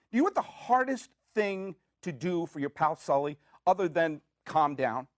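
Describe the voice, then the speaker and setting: A man's voice: sits high, no echo, studio quality. A man hosting a podcast, delivering a comedic monologue with playful rants and questions he asks himself. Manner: animated, jokey, with playful rants and self-asked questions. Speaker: podcast host. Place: studio.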